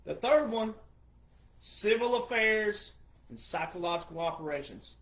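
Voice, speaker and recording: A man's voice: high-pitched, animated, measured pace, fairly bright tone. A man who is a retired veteran, giving an emphatic monologue full of repetition and rhetorical questions. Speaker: retired military veteran commentator.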